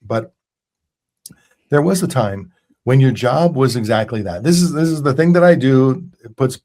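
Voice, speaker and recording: A male podcast host reflects out loud in casual conversation. He circles back and restarts phrases as he works his thoughts through. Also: medium pitch, lively intonation, moderate pace.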